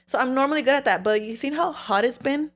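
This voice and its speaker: A woman's voice: high-pitched, quick pace. A young woman co-hosting a podcast in casual chat, talking candidly with lots of swearing and filler "like"s. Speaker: podcast co-host.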